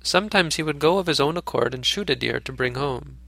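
A man reading an old fable aloud as narrator, measured, now and then correcting a slip. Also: fairly high pitch, vocal fry, bright, forceful tone, no echo. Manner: measured, occasional self-corrections. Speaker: storyteller.

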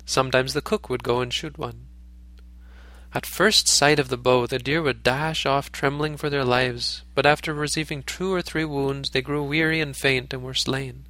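A man reading an old fable aloud as narrator, measured, now and then correcting a slip. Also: medium pitch, steady tone, bright, forceful tone, no room sound. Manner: measured, occasional self-corrections. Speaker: storyteller.

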